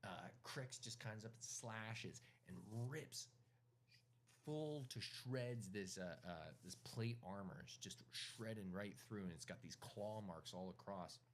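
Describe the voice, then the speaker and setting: Low-voiced man running a tabletop game. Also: slight background noise. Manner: casual, halting, with many fillers and throat-clearing. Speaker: game master.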